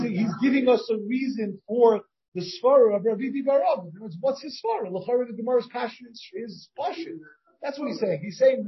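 A man's voice: very high-pitched, husky, highs cut off. A rabbi teaching a casual Talmud study class. He thinks aloud, restarts often, and puts questions to his students. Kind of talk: informal Talmud study lesson. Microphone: shared class recording, partly over a video call.

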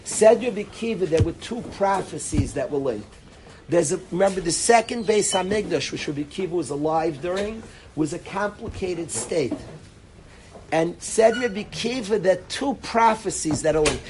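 A man's voice: high-pitched, expressive, moderate pace, darkish tone, a little hiss or hum. A man, a rabbi, giving an informal lecture to a class of students, talking emphatically, repeating words and restarting as he turns to address them directly.

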